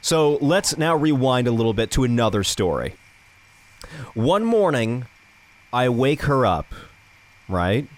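A man's voice: mid-range voice, very animated, unhurried, pauses often. A man co-hosting a podcast, telling a story in casual chat, swearing freely and acting out the dialogue. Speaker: podcast co-host.

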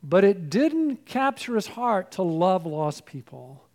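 Male pastor, high voice, hoarse and fading, earnest, rhetorical. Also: very animated, slow pace. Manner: earnest, rhetorical questions, swings from loud to hushed. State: losing his voice, throat clearing. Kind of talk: sermon.

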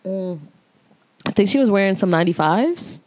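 A New York podcast co-host tells stories in casual, slangy, laid-back chat, laughing often. His mid-range voice is animated, a little mellow, and moves at a moderate pace.

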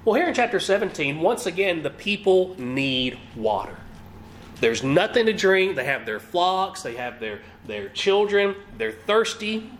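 A man preaching a teaching sermon in a high, lively voice that rises and falls widely. He asks his listeners question after question and acts out the characters' words. Faint noise sits under the recording. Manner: animated, rhetorical questions, acts out quotes.

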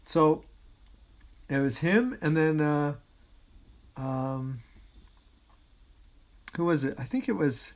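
A man's voice: fairly high pitch, lively intonation. Chatty, laughing male podcast host. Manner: laughs easily, chatty, halting restarts. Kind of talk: casual podcast chat.

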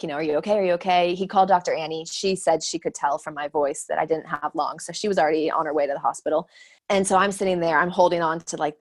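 A woman in her thirties with a slightly low voice tells a personal story as a guest. She talks casually, laughs often and jumps into livelier voices when quoting people. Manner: animated, acts out quoted voices, laughs often. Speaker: guest sharing her birth stories.

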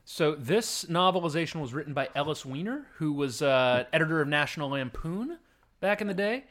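A man's voice: a little high, lively intonation, brisk, fairly bright tone. A man hosting a podcast and chatting with friends, steering the talk and joking in a dry way. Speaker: podcast host. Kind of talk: casual chat among friends.

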